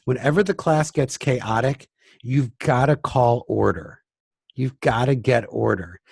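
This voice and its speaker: A man's voice: mid-range voice, expressive, measured pace, vocal fry, breathy edge, no room sound, studio quality. A man, a music teacher, giving a casual talk on classroom behavior, chatty and self-deprecating. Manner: chatty and self-deprecating, often demonstrating by dropping to a hushed voice. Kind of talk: casual instructional talk with acted classroom examples.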